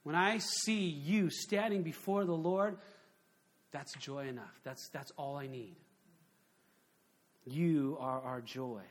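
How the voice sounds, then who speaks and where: A man preaching a sermon in an animated, conversational way, full of rhetorical questions. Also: on the high side, slow pace, long pauses. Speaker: pastor.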